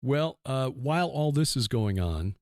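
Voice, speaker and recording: A man co-hosting a casual political chat, speaking in a measured, halting way with many fillers. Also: mid-range voice, lively intonation, darkish tone, no echo, studio quality. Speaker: co-host.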